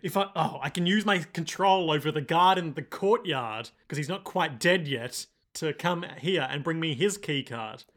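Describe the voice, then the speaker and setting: Chatty young-sounding man, slightly high voice. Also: fairly bright tone. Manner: laughs often, quick asides, acts out lines. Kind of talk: casual chat recapping an anime.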